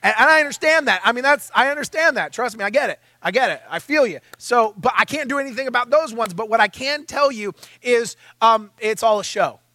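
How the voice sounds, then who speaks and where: A man preaching a sermon in a church, telling stories in an animated, self-mocking way. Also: very high-pitched, fairly quick, hardly any pauses, no room sound. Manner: animated, self-mocking storytelling, acting out his own panic.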